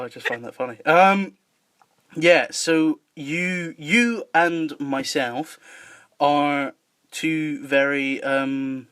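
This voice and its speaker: A man's voice: on the high side, pushed and bright, smooth, no echo. Rambling, joking male podcast host. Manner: rambling, joking, many fillers and laughs. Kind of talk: casual chat.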